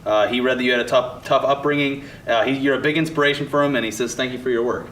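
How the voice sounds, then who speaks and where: A man's voice: steady tone, fast, a bit bright. A man hosting a casual interview, reading out listener questions and replying briefly. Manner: brief backchannel replies, reads listener questions. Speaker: host. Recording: roomy, off-mic, faint rumble.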